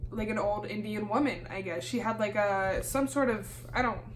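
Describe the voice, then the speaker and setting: A young woman from Kansas telling a storytime vlog in a lively, casual way, swearing freely and acting out the dialogue. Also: mid-range voice, moderate pace, slight background noise. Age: young adult. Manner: animated, swears freely, acts out quoted dialogue. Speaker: YouTuber.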